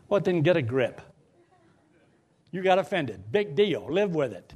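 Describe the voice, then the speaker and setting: An older man preaching a sermon, swinging from loud outbursts to low, quiet pleading. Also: very animated, a little slow, slightly rough.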